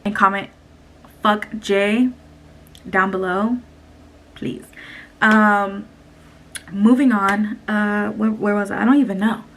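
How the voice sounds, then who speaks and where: Speaking slowly with frequent pauses, a young woman vents bluntly and with profanity as she tells a story in a casual vlog at home. Her medium-pitched voice stays steady, and the camera mic catches faint background noise.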